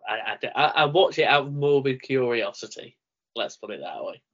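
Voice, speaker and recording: A man's voice: medium pitch, expressive, normal speed, fairly bright tone. A man hosting a casual podcast chat, leading the segments and quoting lines with emphasis. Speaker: podcast host. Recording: dull lo-fi podcast audio.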